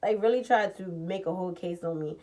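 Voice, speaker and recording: In a laid-back storytime vlog, a young woman recounts something that happened to her, swearing, fired up, and voicing each side of the conversation. She speaks fairly fast in a fairly low register.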